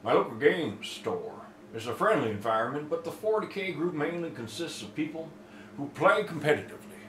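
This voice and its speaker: A man's voice: on the high side, lively intonation, a little fast, a bit bright, recorded from a distance, slight background noise, pitched above the performer's own voice. A man putting on a drawling, folksy voice as a polite adult male viewer. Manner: exaggerated twangy drawl, reading a letter. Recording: roomy with faint ambience.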